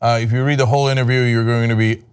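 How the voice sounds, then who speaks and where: A man's voice: rapid-fire, smooth. A man giving sarcastic political commentary, mocking and exasperated, firing off rhetorical questions. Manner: mocking, exasperated, reads quotes aloud; rhetorical questions, lively pitch swings.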